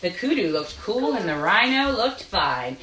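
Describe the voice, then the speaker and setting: A woman reads a rhyming picture book to children with gentle, expressive storytelling. Her pitch moves in a lively, sing-song way, and the video call picks up a roomy echo. The pitch sits in a middle range. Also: a little slow, distant mic. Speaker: storytime reader.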